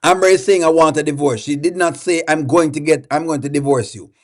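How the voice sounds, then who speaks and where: A man's voice: on the high side, steady tone, fairly quick. Chatty man hosting a reaction stream. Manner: chatty, questions the viewers and reads their comments aloud. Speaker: reaction show host. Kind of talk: live-stream reaction commentary.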